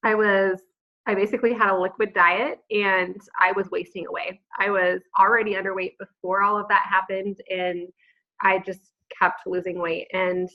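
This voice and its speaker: A woman, a pharmacist and mother, telling her personal story earnestly on a group call from home, with many pauses and fillers. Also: medium pitch. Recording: dull lo-fi call audio.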